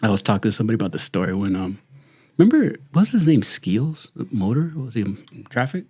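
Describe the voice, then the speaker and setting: Middle-aged retired deputy, husky and animated, loose swearing storyteller. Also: male voice, on the low side, brisk. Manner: animated, laughing, swearing freely. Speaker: retired sheriff's deputy, guest. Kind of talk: casual storytelling chat.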